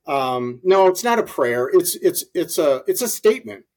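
A male guest telling heartfelt stories during an interview. His voice sits a bit high for a man, and his sincere, unhurried account is full of ums and uhs. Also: big pitch swings, a little mellow. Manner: earnest storytelling with many fillers. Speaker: ministry leader guest. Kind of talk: conversational interview.

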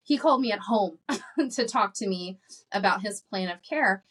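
A woman's voice: mid-range voice, lively intonation, normal speed, fairly bright tone, breathy edge. A woman in her late twenties, a podcast guest telling her personal story in an earnest, emotional way, with light laughs between phrases and her voice rising as feeling builds.

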